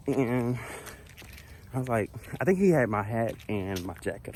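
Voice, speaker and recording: A man's voice: medium pitch, sing-song, a little slow, darkish tone, a little hiss or hum. A young man vlogger telling a casual storytime while walking outdoors, sassy and chatty with asides to his viewers.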